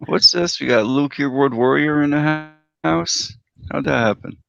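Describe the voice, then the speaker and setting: A laid-back man with a gravelly voice chats casually, reading names from a text chat. His audio comes through dull and lo-fi. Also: on the high side, moderate pace. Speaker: chat participant. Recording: dull lo-fi online call audio.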